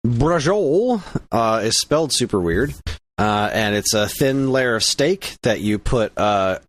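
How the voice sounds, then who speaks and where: A man from the United States co-hosting a casual podcast, rambling along with plenty of fillers and restarts. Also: lowish voice. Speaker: podcast co-host.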